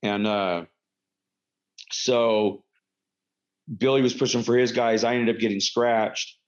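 Speaking slowly in a medium-pitched, even voice, a middle-aged ex-pro wrestler drifts through relaxed stories, stuffing them with fillers and frequent self-corrections. The audio is murky and lo-fi.

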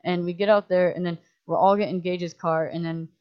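Woman director as podcast guest, low-ish voice, animated and swearing, dull lo-fi sound. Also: brisk. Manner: animated, profane, full of "like" fillers, acts out others' lines. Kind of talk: casual storytelling in a podcast chat. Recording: muffled lo-fi audio.

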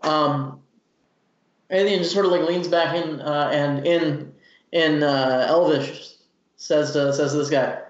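A man's voice: fairly high pitch, steady tone, slow. A man playing a tabletop game in a joking, laughing way. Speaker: player. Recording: dull echoey room sound.

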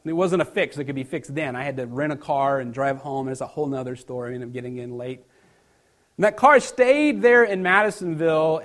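Middle-aged male pastor, slightly high voice, relaxed storytelling sermon with quiet emphatic drops.

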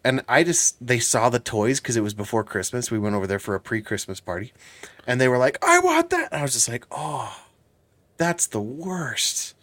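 A man's voice: medium pitch, quick pace, no room sound. A man in his thirties, co-hosting a tech podcast in casual chat, telling rambling stories with many restarts. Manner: rambling storyteller, restarts often. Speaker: podcast co-host.

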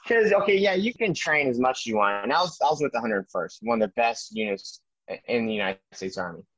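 A man recounts his army days in a loose, animated way, stumbling and restarting as he goes. The recording sounds muffled and lo-fi. The room adds almost no echo. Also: mid-range voice, brisk. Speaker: army veteran guest. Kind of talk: casual storytelling interview. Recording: dry, dull lo-fi sound.

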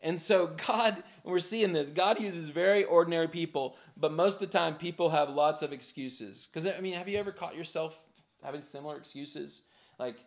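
A man's voice: a little high, expressive, moderate pace. A man preaching a sermon in a casual, conversational way, often acting out quoted excuses in a raised voice. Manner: conversational preaching with many "like"s and laughs; acts out Moses' excuses in a raised voice. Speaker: pastor.

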